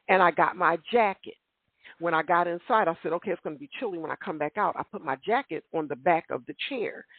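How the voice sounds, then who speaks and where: Husky woman rambling over a phone line. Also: fairly low pitch, dry recording. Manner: animated, rambling, rhetorical asides. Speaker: storyteller on a call-in radio show. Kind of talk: casual storytelling. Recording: tinny dry phone line.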